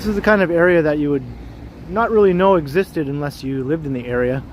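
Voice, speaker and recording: A man's voice: fairly high pitch, fast talker. A man hosting a casual walking livestream outdoors, chatty and jokey, greeting viewers by name as he walks city streets. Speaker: livestream host. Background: street traffic.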